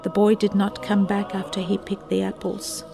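Calm earnest woman reading a moral story, gravelly edge, faint music under it. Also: mid-range voice, normal speed.

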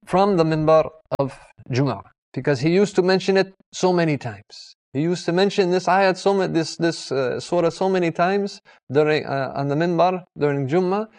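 A man's voice: a little high, normal speed, darkish tone. A man giving an earnest religious talk, repeating key phrases and adding pious blessings after names. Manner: earnest, repetitive, with pious formulas. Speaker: preacher. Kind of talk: sermon.

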